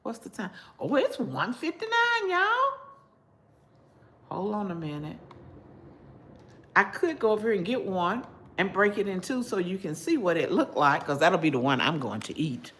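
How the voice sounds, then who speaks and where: A woman's voice: medium pitch, sing-song, normal speed, long pauses, a bit bright, a little hiss or hum. An older woman hosting a casual cooking livestream, chatty and homey, talking straight to her viewers through a phone. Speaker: cooking channel host.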